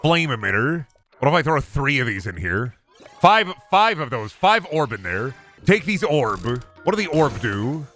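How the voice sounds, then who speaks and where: A young man streams a game with loose, excitable, unhurried commentary, swearing often and bantering with himself and his chat. His pitch swings widely with a bright, forward edge, and faint game music plays underneath.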